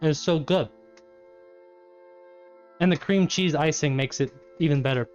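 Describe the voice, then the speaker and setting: A man's voice: on the high side, unhurried, darkish tone, muffled recording, faint music behind. A man live-streaming from his home kitchen, chatting casually with his chat, laughing often and eating as he talks.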